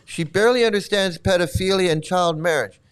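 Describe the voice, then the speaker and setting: Man, live stream host, sarcastic commentary, mocking, rambling, high voice, smooth clear tone. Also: fairly quick. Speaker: channel host.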